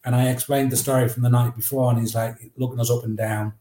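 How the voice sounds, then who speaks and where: A man in his fifties with a Northeast English accent, telling lively anecdotes as an interview guest and acting out the quotes. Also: mid-range voice, fast talker, roomy sound. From Northeast England. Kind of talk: storytelling in an interview.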